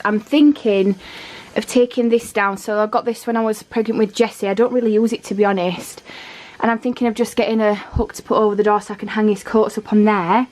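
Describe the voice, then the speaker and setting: A woman's voice: on the high side, a little mellow. A young pregnant woman, chatting casually in a home vlog, rambling and out of breath. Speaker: vlogger. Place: home living room and nursery, indoors.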